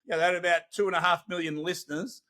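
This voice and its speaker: Lively, bright Australian man. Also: high voice, racing. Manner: animated, loose and profane. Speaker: podcast guest. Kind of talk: casual storytelling.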